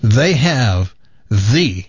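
A man's voice: medium pitch, very animated, very slow, breathy edge, dry recording, lo-fi sound. A man in casual chat, jumping in with reactions and stories. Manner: chatty, jumps in with reactions. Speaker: co-host.

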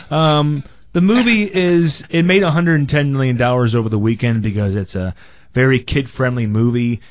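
A man chatting as a film critic guest on a radio show, animated and mock-quoting people. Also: medium pitch, normal speed, lo-fi sound. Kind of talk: casual radio banter.

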